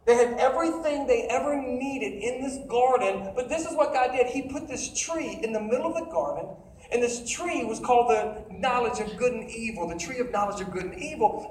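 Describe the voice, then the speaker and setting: A man's voice: extremely high pitch, recorded from a distance, slight background noise. Man preaching to a crowd in an echoey room. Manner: emphatic, calls out to the crowd with questions. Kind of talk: sermon. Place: large room with an audience.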